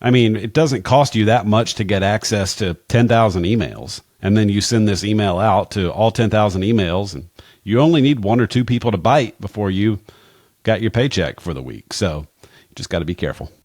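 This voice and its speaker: A man's voice: lowish voice, lively intonation, normal speed, a little mellow, no echo, clean studio sound. A man giving casual financial advice on a podcast, plainspoken and wry, with frequent asides. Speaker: financial advisor, podcast guest expert.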